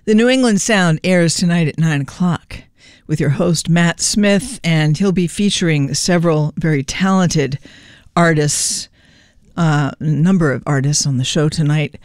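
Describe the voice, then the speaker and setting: A woman radio DJ announcing songs and station news in a relaxed, chatty way, fighting a cough and stumbling a little. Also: low-pitched, unhurried, no echo, clean studio sound. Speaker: radio DJ and host. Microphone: studio microphone.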